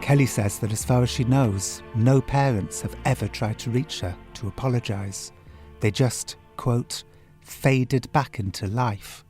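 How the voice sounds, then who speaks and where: A man's voice: mid-range voice, a little slow. Guy hosting a podcast, thoughtful chatty interviewer, bit of music behind. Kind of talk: interviewing and scripted narration.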